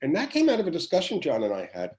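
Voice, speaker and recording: A man's voice: on the high side, huge pitch swings, fast talker, low-quality recording. An older man, a former children's TV writer, chatting as a podcast guest and telling rambling stories with many restarts over a video call. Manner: rambling, warm storytelling with restarts. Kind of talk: casual chat.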